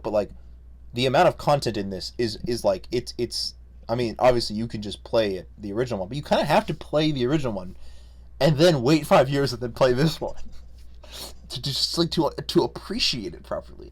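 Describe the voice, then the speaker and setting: A young man casually ranking games he played, profane, rambling and jokey, unscripted. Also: medium pitch. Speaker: video creator. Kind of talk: unscripted casual game rundown.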